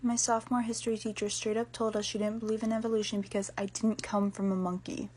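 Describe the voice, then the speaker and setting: A young woman listing school memories in dry, quick one-liners. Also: mid-range voice, darkish tone. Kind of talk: casual storytime.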